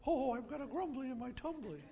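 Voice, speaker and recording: A man putting on a quiet, mumbly voice as a gentle male cartoon bear. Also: very high voice, fairly quick, gravelly, breathy edge, heavily acted. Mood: sleepy. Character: soft-spoken honey-loving male cartoon bear.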